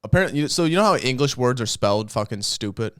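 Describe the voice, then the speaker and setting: Man, smooth clear voice, mid pitch, rambling casual podcast talk. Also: lively intonation, quick pace, fairly bright tone. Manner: rambling, restarts sentences, swears. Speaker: podcast co-host. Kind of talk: casual chat.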